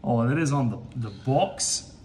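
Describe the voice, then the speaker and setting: A man's voice: medium pitch, expressive, darkish tone, a little hiss or hum. A man who is the host's friend, chatting casually during a card opening and firing back playful jokes. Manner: playful, quick comebacks.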